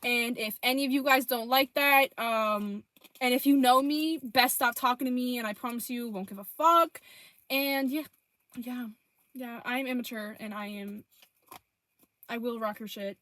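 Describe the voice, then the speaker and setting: A woman's voice: on the high side, moderate pace, fairly bright tone, no room sound. A young woman telling a storytime vlog, blunt and heavy on profanity, reading out text messages.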